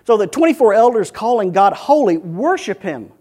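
A man preaching a sermon in a slightly high-pitched voice. He chants repeated lines with rising fervor, then sinks to a near hush. His address to the congregation stays earnest and direct. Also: sing-song, moderate pace. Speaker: pastor.

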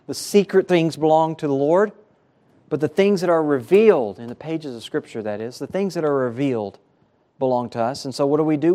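Earnest preacher man with a higher voice. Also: mellow. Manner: earnest preaching, voice rising and falling for emphasis. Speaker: pastor. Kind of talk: sermon.

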